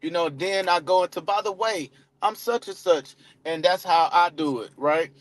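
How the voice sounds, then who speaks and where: A man's voice: high-pitched, moderate pace, no echo. A man coaching cold calling in a casual live chat, talking loosely with many restarts and acting out both sides of phone calls. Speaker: real estate coach.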